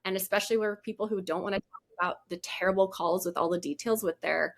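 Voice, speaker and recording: A woman's voice: medium pitch, steady tone, fast talker, vocal fry. A woman mental health counselor talking through ideas in an interview, conversational and often checking in with "right?". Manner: conversational, often asks "right?" and acts out quoted voices. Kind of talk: casual explanatory talk in an interview.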